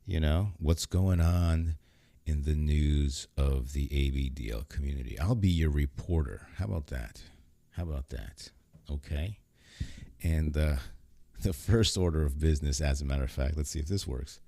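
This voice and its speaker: A man's voice: extremely low pitch, normal speed, gravelly, mellow, no echo. A man hosting a podcast, talking in a casual, rambling, joking way. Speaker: podcast host. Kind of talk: casual solo podcast talk.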